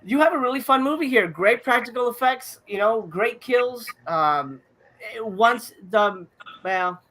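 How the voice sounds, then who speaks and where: A man's voice: very high-pitched, expressive, a little slow, pushed and bright. A man co-hosting a movie podcast, talking in a rambling, casual way with many fillers and restarts. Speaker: podcast co-host reviewing movies. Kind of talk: casual chat.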